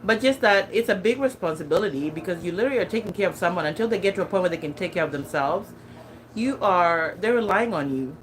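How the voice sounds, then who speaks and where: An expressive, fast-talking woman with a lowish voice chats casually in a low-quality recording. In her thirties and from California, she vlogs about lifestyle, laughing often and talking in fillers and restarts.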